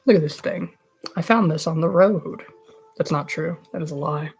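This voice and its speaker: Woman streamer, low husky voice, slow and rambling, soft music behind. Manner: rambling, swears, baby-talks to her cat. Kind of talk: casual stream chat.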